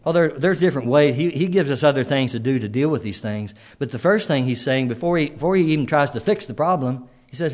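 Male preacher, folksy conversational sermon, homely restarts and quiet asides. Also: mid-range voice, expressive, fast, hardly any pauses.

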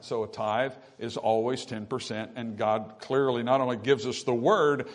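A man delivers a sermon in a mid-range voice. He teaches patiently, asking the congregation rhetorical questions and repeating key phrases for emphasis. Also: medium pitch. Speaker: pastor.

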